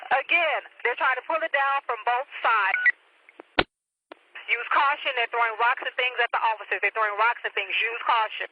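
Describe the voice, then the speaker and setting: A woman's voice: on the high side, normal speed. A woman police dispatcher relaying reports over the radio, repeating warnings urgently. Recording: muffled scanner radio with loud static.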